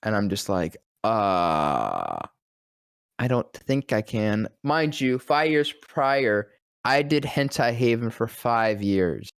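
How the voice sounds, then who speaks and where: Man, voice actor, casual profane storytelling, mid pitch, dry close sound. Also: unhurried, smooth, no room sound. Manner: rambling, profane, acts out quoted lines. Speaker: voice actor guest.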